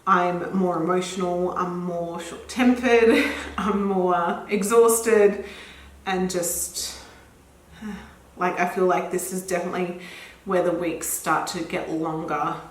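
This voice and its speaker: A woman's voice: lowish voice, steady tone, takes it slowly, echoey room. A young woman giving a casual pregnancy vlog update, chatty and rambling, a little out of breath. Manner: chatty, rambling with many "like" fillers. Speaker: pregnancy vlogger.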